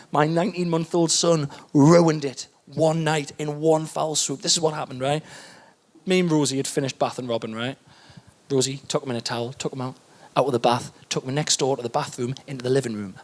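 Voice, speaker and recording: A man in his thirties with a Geordie accent telling a stand-up story, animated and building to outraged peaks. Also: fairly high pitch. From North East England. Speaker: stand-up comedian. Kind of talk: stand-up comedy set. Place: comedy club stage. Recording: noisy live comedy club recording.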